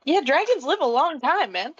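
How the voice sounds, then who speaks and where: Woman, slightly high voice, teasing asides, casual banter. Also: big pitch swings, moderate pace, dry recording, lo-fi sound. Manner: teasing side comments. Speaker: player. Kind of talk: tabletop role-play banter.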